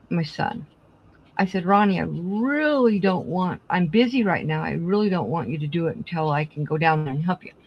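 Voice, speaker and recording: A woman's voice: on the low side, muffled recording. A middle-aged woman hosting a craft live stream, casually telling family stories and acting out the dialogue. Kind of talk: casual storytelling chat.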